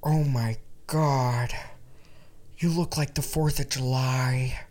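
A podcast host doing a comic impression of a breathy, dreamy middle-aged actress who speaks slowly and drawls. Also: medium pitch, steady tone, darkish tone, lightly acted.

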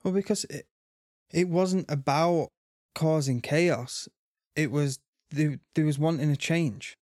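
A woman's voice: low voice, slow pace, a little mellow, dry recording, clean studio sound. A woman co-hosting a podcast who chimes in with short, blunt remarks. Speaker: podcast co-host. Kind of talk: casual podcast chat.

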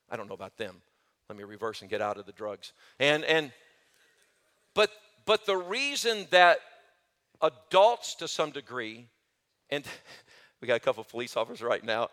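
A middle-aged man preaching a sermon as pastor, telling stories animatedly and swinging between loud and soft. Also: medium pitch.

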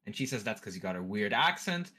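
A man's voice: on the low side, big pitch swings, fast, pushed and bright. A man co-hosting a casual podcast, summarizing a story in detail. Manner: explains in summaries. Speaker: podcast co-host.

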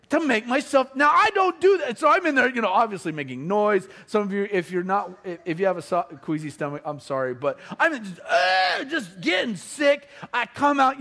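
A middle-aged man telling a comic family story to an audience, acting out the voices of his relatives. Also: high voice. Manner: animated, acts out family members' voices.

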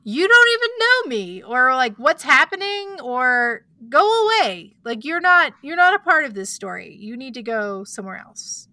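A woman's voice: high voice, animated, normal speed, bright, forceful tone, dry recording. A woman voicing an exasperated, defiant teenage girl with indignant outbursts.

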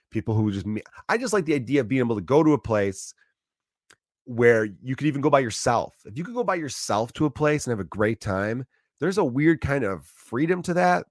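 A man's voice: medium pitch, dry recording. Swearing, rambling man, dry close sound. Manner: animated storytelling, frequent restarts and swearing. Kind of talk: casual rambling monologue.

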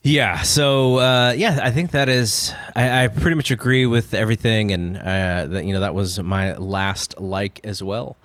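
A man co-hosting a podcast, talking in a casual, animated way as he rants through a critique. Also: lowish voice, measured pace, hardly any pauses, no room sound. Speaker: podcast co-host.

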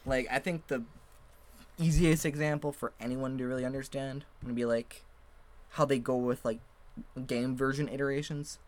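A man's voice: medium pitch, fairly even intonation, moderate pace. College guy rambling on a podcast, laughs a ton, lotta likes and uhs. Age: young adult. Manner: laughs often, rambling with fillers. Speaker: podcast guest. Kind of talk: casual podcast chat.

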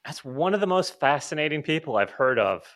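A man's voice: fairly high pitch, big pitch swings, brisk, fairly bright tone. A man co-hosting a casual podcast chat, reacting with short, amazed remarks. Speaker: podcast co-host.

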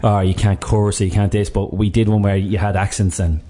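Male radio co-host, low voice, quick rambling banter. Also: level tone, dark tone. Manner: fast, rambling, jokey banter. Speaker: radio sports show co-host. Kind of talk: casual sports radio chat.

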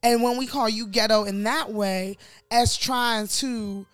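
On a dry recording, a young woman co-hosting a casual pop-culture podcast chats with lots of fillers, blunt and opinionated. Her pitch leans high, her intonation stays fairly even, and she never hurries.

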